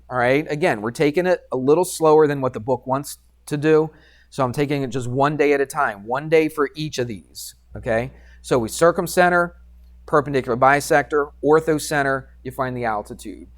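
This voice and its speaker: A male math teacher talks his class through geometry in a relaxed, chatty way, at an ordinary middle pitch. He pokes fun at himself and keeps checking in with questions for his students. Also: a little fast. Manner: casual, self-deprecating, keeps quizzing the class.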